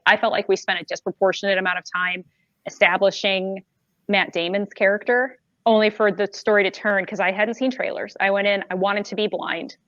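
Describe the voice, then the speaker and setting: A woman on a casual panel podcast, expressive, talking at length with asides. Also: medium pitch, no room sound, highs cut off. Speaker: podcast host.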